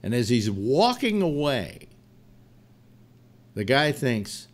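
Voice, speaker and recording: Animated male talk-show host. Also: medium pitch, takes it slowly, a little hiss or hum. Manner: animated, laughing storyteller. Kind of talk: telling a long joke to a panel.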